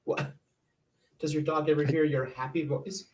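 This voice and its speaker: A man's voice: on the high side, moderate pace, crowd noise. A man co-hosting a casual radio-style talk show, joking and self-deprecating. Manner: animated, jokey, self-deprecating. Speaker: podcast co-host. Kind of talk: casual chat.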